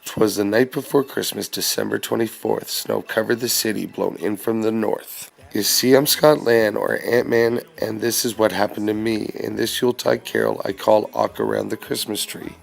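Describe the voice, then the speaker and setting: A man's voice: lowish voice, steady tone, moderate pace, gravelly, few pauses. A man, the show's host, reading a comic story aloud in sing-song rhyming verse.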